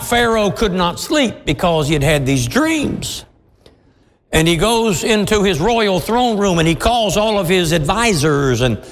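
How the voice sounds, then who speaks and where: Pastor guy preaching, high lively voice, long hall echo. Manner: dramatic, animated storytelling. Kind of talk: sermon. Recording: long reverb of a large hall.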